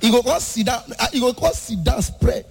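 High-voiced Nigerian comedian shouting on stage. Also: male voice, brisk, gravelly, long reverb tail, soft background music. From Ibadan, Nigeria. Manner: animated, switches between shouting and sing-song delivery. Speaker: stand-up comedian. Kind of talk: stand-up comedy.

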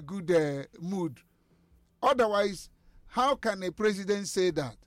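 High-voiced man, emphatic and halting. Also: no room sound, clean studio sound. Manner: halting, many restarts, rising to emphatic questions. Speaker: studio guest. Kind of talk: radio talk show discussion.

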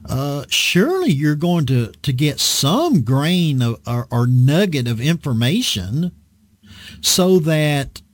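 Slow-talking, animated male preacher. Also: fairly high pitch, dry recording. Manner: halting with fillers and restarts, earnest. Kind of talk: unhurried sermon-style talk on a program.

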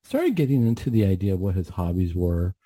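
Man with a really dark low husky voice, earnest storytelling, dry close sound. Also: very animated, fairly quick, no room sound. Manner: earnest, reflective, with frequent restarts. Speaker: mental health clinician. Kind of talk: radio storytelling.

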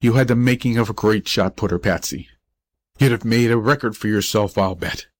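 A man reading the part of a grieving young male athlete who speaks gently and in a subdued, lowered voice. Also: a little fast, dry recording, close to an everyday voice. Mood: grieving, gentle.

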